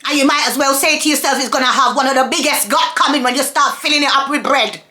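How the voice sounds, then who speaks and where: A woman vents straight to camera, repeating herself for emphasis and firing off rhetorical questions. Her voice is bright and a little high, sharp rather than mellow. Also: a little fast. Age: adult, mother of several children. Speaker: vlogger. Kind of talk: casual monologue to camera.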